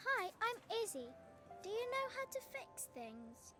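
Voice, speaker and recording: A woman's voice: extremely high pitch, very animated, a little slow, over music, voice pushed up, heavily acted. A woman voicing an earnest little girl of about seven in a video game, asking eager, pleading questions. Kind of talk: game voice-acting while streaming.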